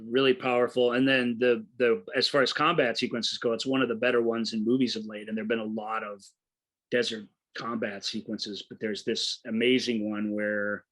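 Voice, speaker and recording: A man co-hosting a movie podcast, telling a film's story with eager, halting enthusiasm and many restarts. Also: medium pitch, little pitch movement, fairly bright tone. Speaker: podcast co-host. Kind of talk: casual movie review chat.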